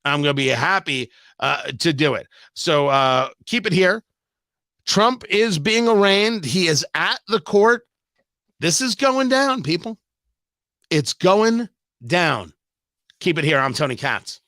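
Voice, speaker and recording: Radio host guy, high bright voice, super animated, cracking jokes between the news. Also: dry recording. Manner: animated, joking, quick asides. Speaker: radio talk show host. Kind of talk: live news commentary.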